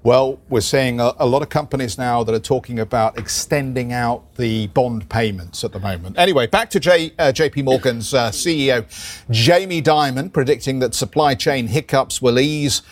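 A middle-aged man co-hosting a markets show, with an average-pitched voice. He chats in an easygoing, agreeable way with his partner. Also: moderate pace. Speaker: co-presenter. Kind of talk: casual markets chat.

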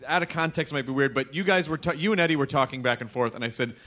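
A man's voice: mid-range voice, fast talker, bright, forceful tone. An American man hosting a podcast, chatting loosely, swearing and laughing readily. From United States. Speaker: podcast host, comedian. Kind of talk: casual podcast chat.

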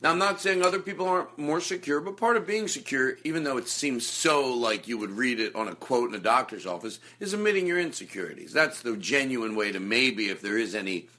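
A man's voice: medium pitch, fairly quick, few pauses. A man hosting a podcast from a hotel room, chatting casually and joking around. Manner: rambling, joking, animated. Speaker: podcast host. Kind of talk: casual chat.

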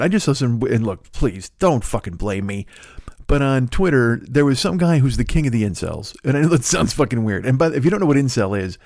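A man's voice: mid-range voice, a little mellow, dry recording, studio quality. A middle-aged man hosting a comedy podcast, ranting in a profane, exasperated way. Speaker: comedian host.

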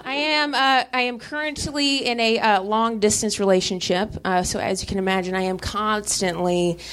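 Halting young woman doing stand-up, noisy club. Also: mid-range voice, steady tone, fairly bright tone. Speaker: stand-up comedian. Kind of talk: stand-up set. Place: comedy club stage.

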